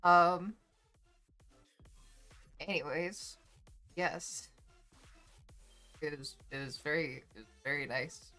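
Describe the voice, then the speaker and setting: Young woman, streamer, casual chat, bright voice, emotional, near tears, swears, faint music behind. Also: sits low, takes it slowly, pauses often. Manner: chatty, swears freely, reads chat aloud. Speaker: livestreamer.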